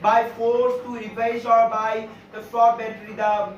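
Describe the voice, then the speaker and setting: A man teaching a class on figures of speech, speaking haltingly with many fillers and repeated phrases. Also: very high-pitched, monotone. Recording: echoey room, distant lo-fi mic.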